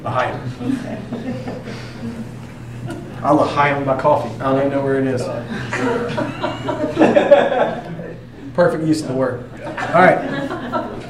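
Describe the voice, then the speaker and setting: A man preaching a sermon in a conversational way, mixing joking asides with slow, emphatic lines. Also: mid-range voice, crowd noise. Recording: roomy echo, distant mic, faint ambience.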